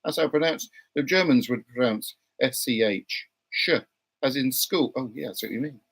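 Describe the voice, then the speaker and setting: A man's voice: mid-range voice, moderate pace, fairly bright tone, breathy edge, poor audio. Male podcast host, chatty, playfully combative. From Britain. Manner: playfully argumentative, reads out chat comments. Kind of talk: casual live podcast chat.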